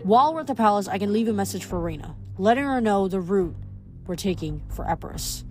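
A woman reading the lines of an earnest, steady young male demigod leader who explains things patiently, in a storybook reading. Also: medium pitch, brisk, faint music behind, close to an everyday voice.

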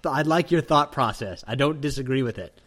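A man's voice: mid-range voice, a little fast, fairly bright tone. A man hosting a talk show, teasing his co-host in dry, casual banter.

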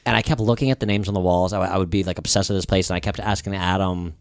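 Male comic guest, lowish voice, dry close sound, rambling swear-filled anecdotes. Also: steady tone, fast talker, no room sound. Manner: rambling, profane storytelling with restarts. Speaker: stand-up comedian guest. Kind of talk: casual podcast chat.

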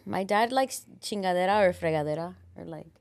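A woman's voice: lowish voice, brisk, gravelly, darkish tone. A woman co-hosting a casual podcast chat, laid-back with drawling reactions. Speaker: podcast co-host.

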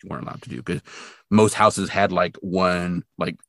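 A podcast co-host recaps an episode in casual chat, his low, creaky voice moving at normal speed. He retells it with animation and plenty of fillers, briefly acting out quoted characters, in a dry, studio-quality recording.

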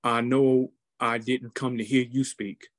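A man voicing an elderly male ex-prisoner, bitter and broken, in a low and solemn tone within a told story. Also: level tone, unhurried, dry recording, studio quality, close to an everyday voice.

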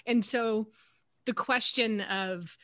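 A woman's voice: a little high, steady tone, takes it slowly, a bit bright, dry recording, studio quality. A woman co-hosting a podcast, talking through her thoughts in long, winding sentences. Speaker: podcast co-host. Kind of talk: casual chat.

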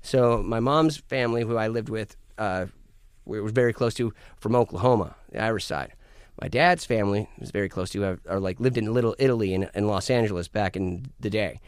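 A man's voice: lowish voice, fairly quick, clean tone, no echo. A man guesting on a podcast as a musician, talking in a rambling, profane, casual way with frequent restarts. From United States. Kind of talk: casual chat.

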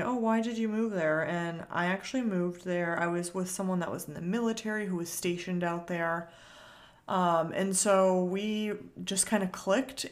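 A young woman with a slightly low voice hosts her own podcast solo. She talks in a loose, chatty way, full of fillers, with the odd casual swear word thrown in. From Massachusetts. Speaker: podcast host.

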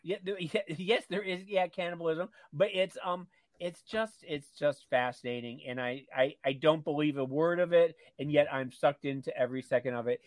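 A man's slightly raised voice carries an animated, gushing tone as he chats on a radio show. The studio sound is dry and close. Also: fairly high pitch, moderate pace, hardly any pauses, no room sound. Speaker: radio co-host. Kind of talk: casual chat.

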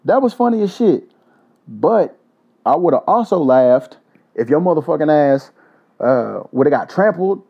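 Man, solo podcast host, swears constantly, lively swinging pitch, somewhat high voice, dull lo-fi mic. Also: creaky, slightly rough. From Louisville, Kentucky. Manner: profane, animated, loose and joking.

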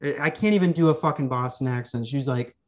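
This fast-talking man has a mid-range voice and hosts a podcast over a remote call mic. The chat is loose and crude, wandering between jokes and repeated restarts.

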